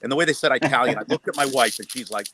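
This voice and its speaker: A man's voice: medium pitch, racing, bright, forceful tone. Brief: male host, jokey storyteller, hissy video-call audio. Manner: jokey storyteller, laughs often. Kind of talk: casual chat on a video call.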